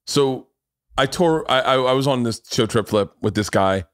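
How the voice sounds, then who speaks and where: At a moderate pace and medium pitch, a man in his forties hosts a podcast, telling rambling, profane stories and chuckling at his own jokes. The chat is casual storytelling, and the studio sound is clean with no echo.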